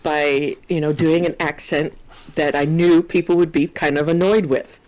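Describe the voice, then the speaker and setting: A woman's voice: deep voice, fairly even intonation, normal speed, darkish tone. A woman guest on a podcast, speaking candidly and reflectively, often voicing her own inner thoughts. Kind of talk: casual podcast conversation.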